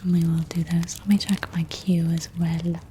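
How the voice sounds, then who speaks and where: A woman streamer speaking in a soft, soothing ASMR whisper and repeating trigger words gently. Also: on the low side, flat delivery, moderate pace, a little hiss or hum.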